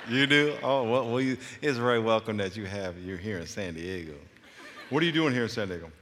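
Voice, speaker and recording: Greeting the congregation, this Long Island, New York pastor, middle-aged, trades teasing banter with the crowd. He speaks at normal speed with a fairly low, slightly bright voice, over slight background noise. The sound echoes through a large church auditorium.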